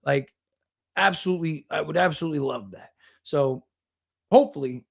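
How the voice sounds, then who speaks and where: A young man hosting a casual livestream, chatty and animated, laughing often as he talks. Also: a little high, normal speed, vocal fry, breathy edge. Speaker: livestream host.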